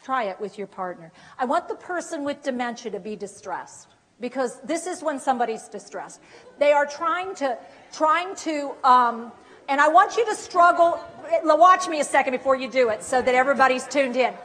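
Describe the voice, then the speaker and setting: A woman giving a dementia care training workshop, lively and animated, often acting out examples. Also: high voice, moderate pace. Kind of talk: workshop lecture.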